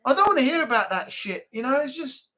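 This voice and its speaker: A man's voice: very high-pitched, sing-song, fast, pushed and bright. Chatty man grumbling on stream. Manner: grumbling, chatty, swears casually. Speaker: live stream host. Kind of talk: casual live chat.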